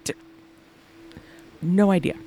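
A woman hosting a podcast, telling a lively anecdote about her day, laughing often and acting out the people she quotes. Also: slow pace. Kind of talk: animated anecdotal storytelling.

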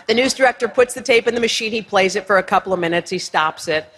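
A woman with a husky voice tells a story from a stage to a live audience. She is lively and self-mocking and acts out what other people said to her. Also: medium pitch, fast talker. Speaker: speaker. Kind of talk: storytelling keynote speech.

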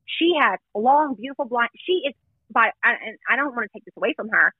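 Chatty woman guest calling in, higher husky voice, tinny phone line. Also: expressive, brisk, no echo. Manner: emphatic, chatty, stresses points with "let me tell you". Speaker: guest recounting an exposé. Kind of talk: casual gossip chat.

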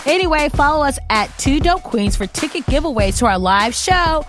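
A woman's voice: high-pitched, animated, moderate pace, over music. A woman co-host reading show promos and credits in a playful, jokey way. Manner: playful, jokey, goofy asides. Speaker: podcast co-host. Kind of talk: casual chat and show promos.

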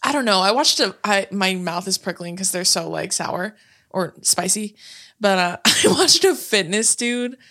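A woman's voice: medium pitch, animated, moderate pace, sharp tone. A woman co-hosting a casual chat podcast, blunt and profane, often laughing. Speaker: podcast co-host.

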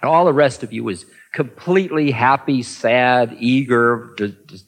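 A man's voice: mid-range voice, measured pace, rough recording. A man teaching meditation, answering an audience question in a talk and acting out inner thoughts in little voices.

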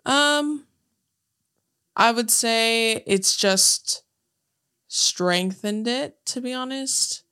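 A woman's voice: a little high, drawn-out words, pauses often, sharp tone, smooth. A young adult woman co-hosting a podcast in casual chat, blunt and outspoken, swearing freely. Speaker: podcast co-host.

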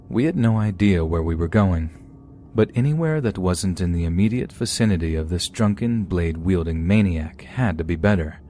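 A man hosting a podcast, reading listeners' true horror stories aloud in a steady storytelling way. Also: deep voice, slight background noise. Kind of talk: scripted horror story narration.

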